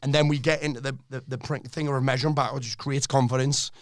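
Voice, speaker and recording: A middle-aged man, a life coach on a podcast, talking in a blunt, energetic way and swearing freely. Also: mid-range voice, fast, no echo, clean studio sound. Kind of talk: casual podcast conversation.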